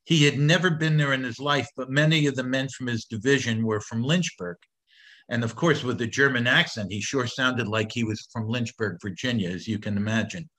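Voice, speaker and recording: An older man delivers a history lecture over slides. He tells the story at an unhurried pace, and filler sounds often break up his sentences. His voice sits at an ordinary mid-range pitch. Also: fairly bright tone, rough recording. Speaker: presenter of an education program.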